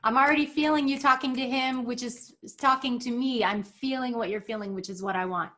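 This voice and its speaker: A woman voice coach teaching over a video call, encouraging and giving clear instructions about jaw, tongue and mouth. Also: a little high, steady tone, fairly quick, fairly bright tone. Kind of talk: teaching a singing lesson.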